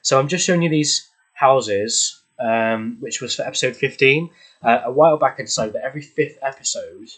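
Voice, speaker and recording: Young man, mid-pitch, rambling casual gameplay commentary, self-deprecating and easily sidetracked. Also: moderate pace, fairly bright tone. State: out of breath. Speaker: gaming channel creator.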